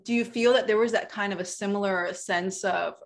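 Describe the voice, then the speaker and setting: A young woman hosts an interview over a video call. She talks quickly and casually, and fills her questions with "like" and "you know.". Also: mid-range voice, steady tone. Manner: chatty, heavy use of "like" and "you know". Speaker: host, interviewer. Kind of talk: interview conversation.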